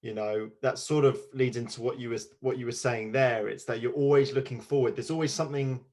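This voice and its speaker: A man's voice: mid-range voice, fairly even intonation, fairly quick, darkish tone. A man hosting a casual podcast, phrasing his thoughts with some hesitation. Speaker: podcast host.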